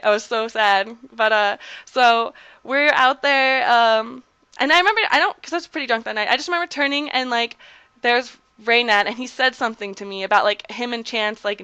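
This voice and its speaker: A young woman talks straight into her streaming mic, blunt and heated, peppering every sentence with "like" and curses. Her voice is bright and clean, sitting a little high, and the sound is dry and close. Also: fairly quick, smooth, no echo, highs cut off. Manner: blunt, heated, heavy use of "like" and swearing. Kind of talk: casual storytelling on a livestream.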